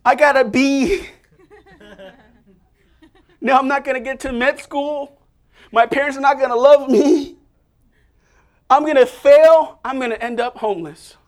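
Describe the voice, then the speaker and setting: A man's voice: extremely high pitch, takes it slowly, pauses often, pitched above the performer's own voice. A man playing a panicking young student who fears total failure. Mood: panicked. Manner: frantic, worried.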